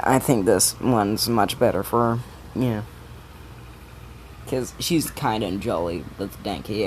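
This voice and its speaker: A man's voice: lowish voice, a little mellow, slight background noise, rough recording. A man casually retelling a story, rambling with many restarts and casual swearing.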